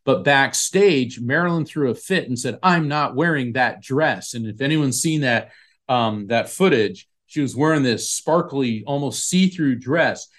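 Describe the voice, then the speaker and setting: A man's voice: mid-range voice, animated, measured pace. A man, a psychic medium guest, telling a long anecdote in an interview and acting out the voices he quotes. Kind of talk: storytelling in an interview.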